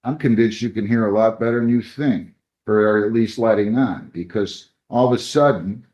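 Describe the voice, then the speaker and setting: A man's voice: lowish voice, moderate pace, a little mellow, dull audio. Brief: man, judge, stern and scolding, courtroom bond hearing.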